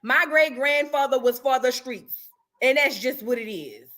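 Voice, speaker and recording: Woman streamer chatting with viewers, aave, high bright voice, loud one sec then muttering. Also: unhurried. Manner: animated, chatty, swings between loud exclamations and muttered asides. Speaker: livestream reaction host. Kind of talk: casual livestream chat reading super chats.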